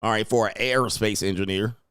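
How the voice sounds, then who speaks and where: A man's voice: fairly low pitch, steady tone, a little fast, fairly bright tone, clear, resonant tone, no echo. Brash mocking man, dry close sound. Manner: brash, mocking, laughs often, slangy. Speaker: commentary show host. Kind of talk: casual reaction commentary.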